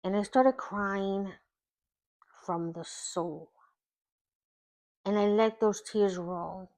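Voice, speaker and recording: A woman life coach telling a personal faith testimony in slow, emotional storytelling with long pauses. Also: medium pitch, a little mellow.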